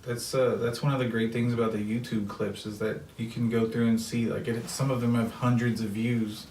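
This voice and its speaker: A man hosting a podcast, chatting casually in a relaxed, rambling way with plenty of fillers. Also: medium pitch, normal speed. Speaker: podcast host. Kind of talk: casual chat. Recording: roomy, distant mic, noisy.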